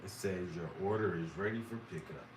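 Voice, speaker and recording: A man's voice: sits low, brisk. Southern man from South Carolina, casual and profane, recorded at a distance in an echoey room with faint noise behind. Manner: rambling, profane, self-amused. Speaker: vlogger and musician. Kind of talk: casual talk to camera.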